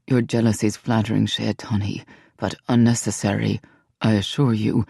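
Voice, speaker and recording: The narrator voicing a proud, seductive immortal fey king, speaking low, slow and intimate in a story reading. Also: flat delivery, vocal fry, a little mellow, slightly rough, dry recording, clean studio sound. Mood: commanding, teasing.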